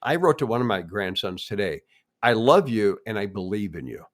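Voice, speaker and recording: A man's voice: on the low side, very animated, moderate pace. An older man co-hosting a family podcast, folksy and encouraging in tone. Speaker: co-host. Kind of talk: casual podcast chat.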